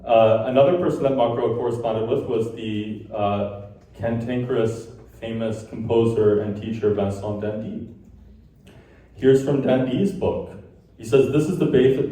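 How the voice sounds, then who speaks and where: A man's voice: mid-range voice, moderate pace, warm tone. A man giving a conference lecture, explaining ideas and now and then tapping out rhythms in sung syllables. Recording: echoey hall from far off.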